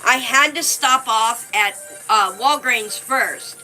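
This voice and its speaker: A woman chats casually on her live stream in a high, bright voice. She takes her time, thanking viewers by name and talking fondly. Faint music plays quietly behind her. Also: slow, low-quality recording. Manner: chatty, thanks viewers by name, warmly fond of her dolls.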